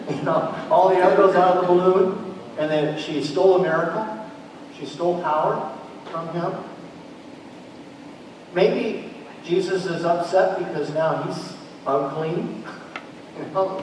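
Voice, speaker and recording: A male pastor preaching a sermon who retells a story with dramatic, building urgency. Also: fairly high pitch. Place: church sanctuary. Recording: echoey church hall, distant mic, faint noise.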